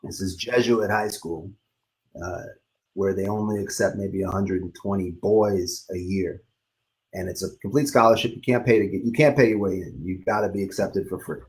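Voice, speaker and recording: A middle-aged guest musician from Queens, with a faded New York accent, chats casually and tells stories, laughing often. His voice is low and fairly even, at a moderate pace.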